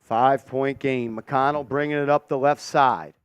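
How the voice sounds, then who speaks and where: A man hosting a fan watch party, calling play-by-play in an excitable, profane, mocking way. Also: medium pitch, normal speed, clean tone, no echo, dull audio.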